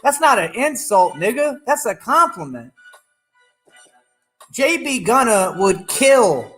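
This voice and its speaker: A man's voice: high-pitched, sharp tone, echoey room. A man hosting an online radio show, ranting in a defiant, boastful and profane way at his critics. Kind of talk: ranting live-stream monologue.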